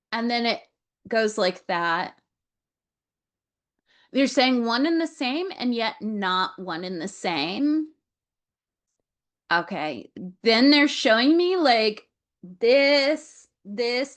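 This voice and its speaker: A woman on a video call giving an Akashic Records reading, repeating words and relaying what she is shown. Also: a little high.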